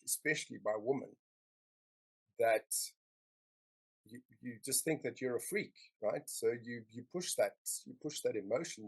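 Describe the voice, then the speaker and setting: A man's voice: medium pitch, darkish tone, breathy edge, rough recording. A middle-aged man candidly sharing his personal story on an online panel, emotional and earnest, often repeating phrases as he speaks over a video call.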